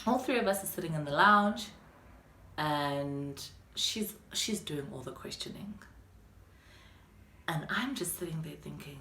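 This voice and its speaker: A young South African woman telling a story on her vlog, chatty and animated. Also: deep voice, a little slow, pauses often, reverberant, a little hiss or hum. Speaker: vlogger.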